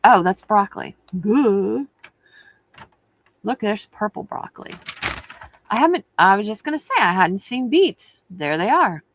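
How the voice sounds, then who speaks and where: A woman's voice: mid-range voice, expressive, measured pace, long pauses, poor audio. A middle-aged woman hosting a crafting livestream, chatting casually and giggling while reading viewer comments.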